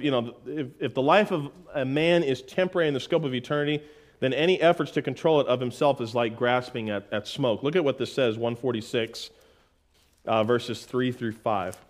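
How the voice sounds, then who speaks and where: A middle-aged pastor with a medium-pitched voice preaches a folksy sermon, addressing listeners as "folks." He reads scripture slowly and with emphasis.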